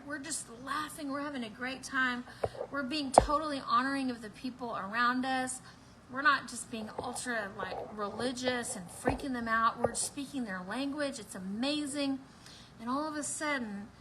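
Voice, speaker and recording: A woman's voice: on the high side, bright, forceful tone, slight background noise, poor audio. A woman hosting a live online prayer meeting, bubbly and laughing as she preaches and talks straight to her viewers. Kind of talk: excited livestream preaching and chat.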